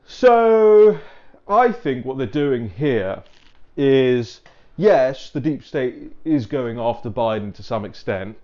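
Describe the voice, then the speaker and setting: A man's voice: medium pitch, mellow, dull audio. A British man telling a rambling political anecdote in a casual monologue, with wry asides. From Britain. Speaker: political commentator.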